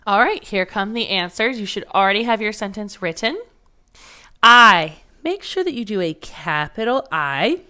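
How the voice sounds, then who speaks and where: A woman's voice: mid-range voice, lively intonation, moderate pace, pushed and bright, clear, resonant tone. A woman teaching a first grade phonics lesson, patiently sounding out letters and words for young children.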